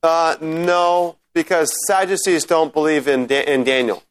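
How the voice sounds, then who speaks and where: Man lecturing on scripture, slightly high voice. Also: steady tone, unhurried, clean tone. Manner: conversational, checks in with "right?"; reads scripture aloud, then explains. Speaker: Bible teacher. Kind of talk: informal lecture with Q&A.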